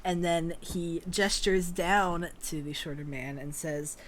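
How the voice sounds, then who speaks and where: A woman narrating as game master of a tabletop game, halting with fillers and often laughing. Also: on the low side, slight background noise.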